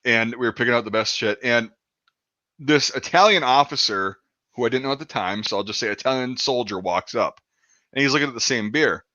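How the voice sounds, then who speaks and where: A man's voice: medium pitch, a little fast, bright, forceful tone, dry recording, muffled recording. A man in his thirties telling a rambling story in casual chat, swearing often and acting out quotes. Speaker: podcast host.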